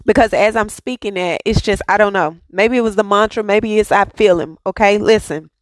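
A woman's voice: mid-range voice, normal speed, dry recording. Fervent woman giving a devotional. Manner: fervent, repetitive affirmations, casual asides. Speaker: devotional host. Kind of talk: daily devotional talk.

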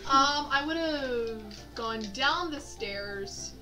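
Woman tabletop player, tentative, thinks aloud, higher voice, distant from the mic. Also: animated, extremely slow. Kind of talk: casual play talk. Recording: distant mic with loud music. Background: loud background music.

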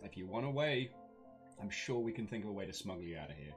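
A man's voice: fairly low pitch, sing-song, fast talker, faint music behind. A man playing in a tabletop game, friendly, coaxing and playful in character. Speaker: player. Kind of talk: in-character play.

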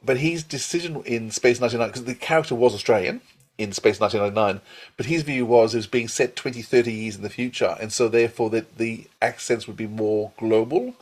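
A man's voice: mid-range voice, fairly quick. A man hosting an interview, explaining things in an informative way. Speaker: podcast host. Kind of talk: conversational interview.

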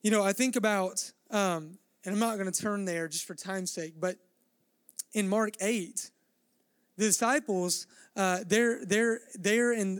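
A man's voice: high voice, dry recording, studio quality. A male pastor preaching a midweek sermon, earnest and building in intensity, acting out the dialogue of scripture scenes.

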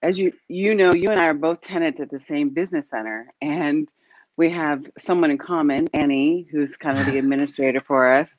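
Low-voiced woman hosting, lively storyteller. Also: brisk, highs cut off. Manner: lively storytelling, laughs often. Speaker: host. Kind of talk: casual interview over video call. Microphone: video call.

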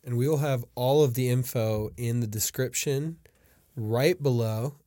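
Very low-voiced woman host, teasing. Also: measured pace, mellow, dry recording, clean studio sound. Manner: playful, teasing, keeps prompting the guest. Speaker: podcast host. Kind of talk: casual interview chat.

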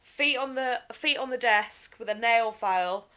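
A woman co-hosts a comedy podcast with a dry, wry and playful delivery. Her voice is bright and crisp, with some edge to it. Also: on the high side, unhurried. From Maidenhead, England. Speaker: podcast co-host. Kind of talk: casual comedic chat.

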